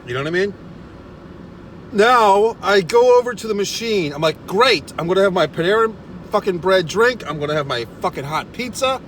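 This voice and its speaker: A man's voice: high-pitched, animated, normal speed, a bit bright, a little hiss or hum. A man telling a comic rant in a parked car, exasperated, swearing constantly and laughing at himself. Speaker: vlogger. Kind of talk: profane comedic storytelling rant.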